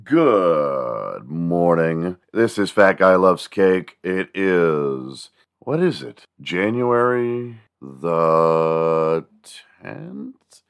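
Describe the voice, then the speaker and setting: A man's voice: low-pitched, smooth. A man hosting his own show in a casual solo monologue, rambling and joking crudely at his own expense. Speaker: podcast host.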